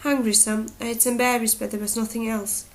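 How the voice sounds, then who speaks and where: A woman voicing a fierce, wild nine-year-old girl, with a high, tearful and shrill voice, in an audiobook reading. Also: level tone, a little fast, natural voice.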